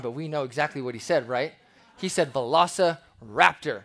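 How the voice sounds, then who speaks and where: A man preaching a sermon as pastor, conversational and lively, with playful asides. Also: on the high side, a little fast.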